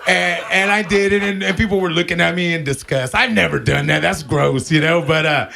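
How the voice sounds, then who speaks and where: A stand-up comedian in his forties performs live at a comedy venue, his fairly high voice steady, brisk, creaky and sharp. He rambles crudely, stammers through restarts and laughs at his own jokes while the audience laughs behind him.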